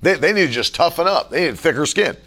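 A man leading a casual Bible-study chat as pastor, talking forcefully and emphatically. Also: fairly high pitch, lively intonation, fast.

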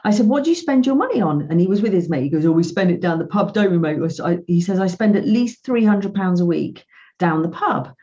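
Animated woman telling stories. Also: lowish voice, brisk. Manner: animated storytelling, acting out both sides of conversations. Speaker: financial coach. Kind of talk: podcast interview. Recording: dull lo-fi sound.

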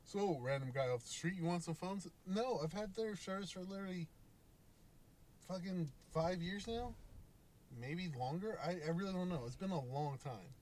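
A man's voice: high-pitched, moderate pace, a little mellow. A young man on a casual podcast chat, telling a story and acting out both sides of the exchange, swearing freely. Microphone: podcast microphone.

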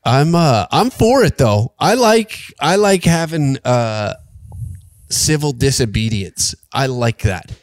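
A man's voice: mid-range voice, lively intonation, slow, dry recording, studio quality. Laughing man in loose podcast chat. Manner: laughs a lot, stammers and restarts when telling stories. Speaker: podcast co-host and comedian. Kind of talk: casual chat.

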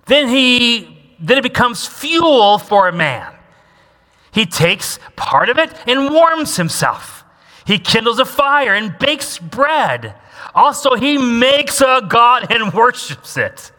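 A man's voice: very high voice, sing-song, takes it slowly, bright, forceful tone. A man preaching a sermon as pastor, emphatic, repeating key lines and having the congregation say them back. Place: church sanctuary. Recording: long reverb of a large church hall.

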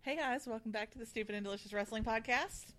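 A woman's voice: fairly high pitch, fast, very noisy. Easygoing young woman hosting a podcast. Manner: laughing, easygoing banter. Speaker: podcast host. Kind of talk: casual chat.

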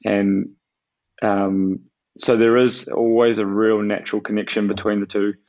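New man, animated storytelling chat. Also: on the low side, measured pace, dull audio. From New Zealand. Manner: animated, storytelling, hesitant fillers. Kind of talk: casual chat.

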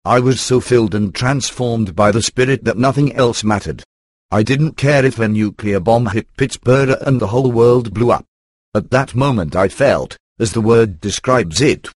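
A man reading a first-person book aloud in an even, computer-rendered narration. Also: fairly low pitch, unhurried, dry recording. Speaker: audiobook narrator.

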